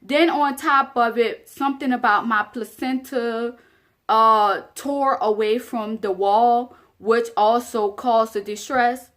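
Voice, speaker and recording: A woman's voice: fairly high pitch, steady tone, slow, a bit bright. A young woman vlogger telling a personal story straight to her viewers in a casual, earnest way, often repeating phrases for emphasis.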